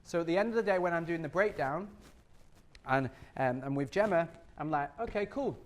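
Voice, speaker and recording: A man leading a sales training workshop, energetic and repetitive, often acting out customer scenes as he talks. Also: a little high, brisk.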